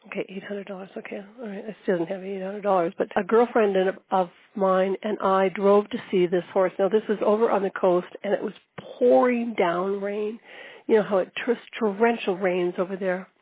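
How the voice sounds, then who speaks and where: An older woman telling her story in a documentary interview, lively and repeating phrases for emphasis. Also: mid-range voice, normal speed, breathy edge, dry recording, narrow, tinny audio. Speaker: long-distance horseback rider.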